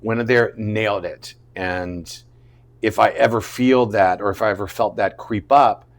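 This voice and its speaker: A man from Jacksonville, Florida, telling an animated story as a podcast guest, dropping to a hush and then rising loud. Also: on the low side, measured pace. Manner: dramatic, swings between loud and hushed. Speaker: guest, actor.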